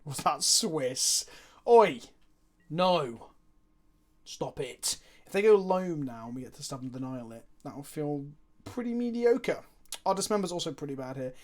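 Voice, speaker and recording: A man's voice: fairly high pitch, very animated, unhurried. Chatty, profane male game streamer. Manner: casual, profane, answers chat. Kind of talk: live stream commentary.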